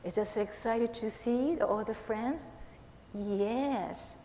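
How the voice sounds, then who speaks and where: Lady minister doing a kids' talk, slow and kinda high voice, bouncy questions, echoey hall. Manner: playful, animated, coaxing questions to children. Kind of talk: children's sermon with a puppet. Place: temple hall. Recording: echoey hall, faint hiss.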